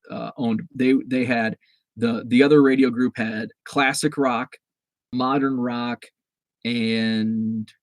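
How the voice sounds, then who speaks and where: A man's voice: medium pitch, no room sound, rough recording. A man hosting a casual live stream, rambling with lots of fillers and restarts as he reads and answers viewer comments. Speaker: livestream host.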